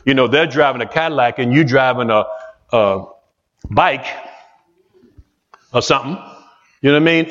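Preacher in an echoey church. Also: male voice, medium pitch. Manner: folksy, repetitive, talks straight to the congregation. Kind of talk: sermon. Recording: muffled echoey church hall recording.

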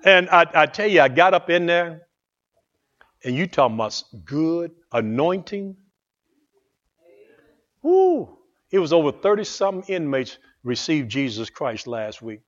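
A man preaching a fervent sermon as pastor, swinging from hushed asides to loud exclamations. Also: a little high, lively intonation, moderate pace, highs cut off.

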